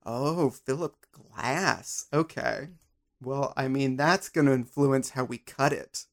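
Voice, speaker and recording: A man with a gravelly, fry-edged voice at an average pitch talks through ideas in loose, rambling turns. His manner is playful and musing, like a host chatting with a guest. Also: slow pace. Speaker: podcast host. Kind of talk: casual conversation.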